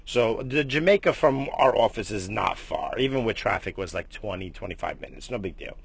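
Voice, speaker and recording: A man hosting a casual morning vlog, rambling and swearing, jumping between loud bursts and low mutters. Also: expressive, moderate pace, gravelly, husky. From United States. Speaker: morning stream host.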